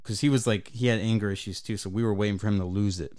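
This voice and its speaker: Michigan guy on a podcast, smooth clear voice, cussing his way through a story. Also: on the low side, steady tone, quick pace, a little mellow. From Michigan, USA. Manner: profane, rambling anecdote-telling. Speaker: podcast co-host. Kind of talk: casual chat, storytelling.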